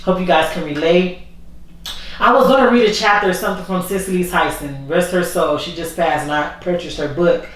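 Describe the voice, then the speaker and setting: A woman's voice: lowish voice, normal speed. Candid woman vlogging in an echoey room. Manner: candid, rambling, repeats herself. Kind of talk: casual heartfelt vlog talk. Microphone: voice only, camera not working. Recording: very echoey room, far from the mic.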